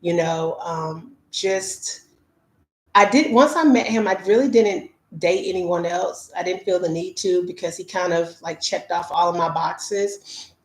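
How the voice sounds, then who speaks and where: An American woman travel vlogger shares candid stories with her viewers, chatty and casual and full of fillers. Her voice is lowish and unhurried, and the recording has a roomy echo.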